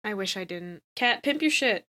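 Excitable laughing woman podcast host. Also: mid-range voice, moderate pace. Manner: laughing, excitable, swears casually. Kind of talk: casual group chat.

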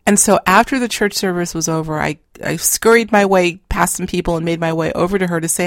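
A woman's voice: fairly low pitch, fairly quick, hardly any pauses, no echo, studio quality. A middle-aged woman telling anecdotes in a casual, chatty way, acting out what others said. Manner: chatty, animated storyteller who acts out quoted lines. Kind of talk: casual storytelling talk.

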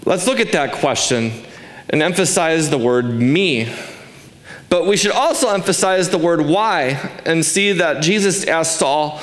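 A man's voice: a little high, animated, a little slow, reverberant. A man in his forties giving a sermon as pastor, earnest and emphatic, asking rhetorical questions. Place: church sanctuary.

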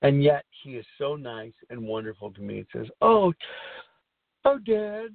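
Middle-aged guy rambling earnestly about recovery, gravelly voice, dry close sound. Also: medium pitch, a little fast, dry recording. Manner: rambling, earnest, repeats himself. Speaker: podcast host. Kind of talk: reflective recovery talk. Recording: tinny phone-like line.

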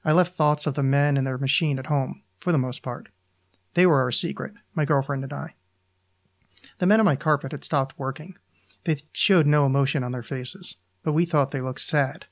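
A man, a podcast host, reading his own short story aloud in a deliberate, deadpan manner. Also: mid-range voice.

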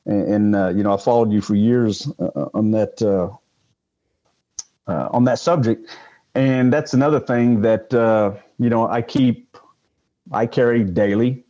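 Older male guest, ex-police, low voice, rambling storyteller, muffled lo-fi audio. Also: a little slow, mellow. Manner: rambling, with many fillers and restarts. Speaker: guest, retired police sergeant. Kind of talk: casual interview storytelling.

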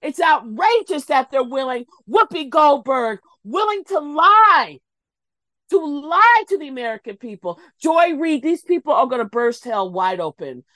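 A woman's voice: high voice, very animated, measured pace, sharp tone, no room sound. A woman guest commentator speaking emphatically and emotionally on a talk show, building to anger. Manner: emphatic, preachy, rising to anger. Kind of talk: impassioned political talk.

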